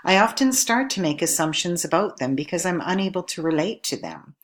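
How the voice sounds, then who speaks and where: A woman giving a recorded lesson, speaking in a clear, measured teacherly way and putting questions to the viewer. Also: on the low side, lively intonation. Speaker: instructor.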